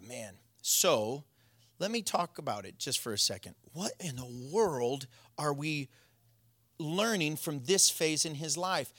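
Guy preaching, chatty storyteller, kinda high bright voice, dry close sound. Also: no echo. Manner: conversational storytelling, plain folksy talk. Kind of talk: sermon.

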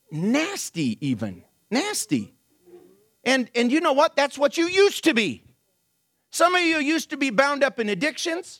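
A male pastor with a notably high voice preaches with energy, swinging from raised exclamations to soft, low asides. He asks his listeners rhetorical questions. The sound is close and dry, with no room echo. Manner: animated storytelling with sudden drops to a low, quiet aside. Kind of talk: sermon.

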